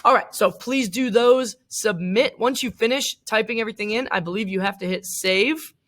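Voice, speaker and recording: A woman's voice: fairly high pitch, moderate pace, a bit bright, slight background noise. A young woman teacher giving a casual recorded lecture, chatty, with many fillers and asides.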